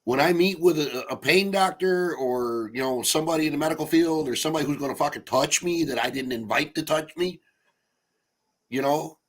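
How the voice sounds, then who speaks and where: A man's voice: on the high side, fairly quick. A man talking bluntly in a casual recovery group chat, swearing freely. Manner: blunt, swears freely, laughs through stories.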